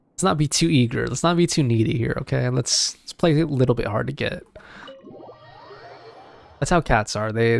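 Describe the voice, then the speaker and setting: A man's voice: medium pitch, gravelly, dry recording. A man giving casual, chatty commentary over a video game, musing aloud as he plays. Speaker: gameplay streamer.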